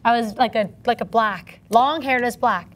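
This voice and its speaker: A woman with a New York accent co-hosting a casual talk show, chatty and quick to laugh. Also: on the high side. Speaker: co-host. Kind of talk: casual chat.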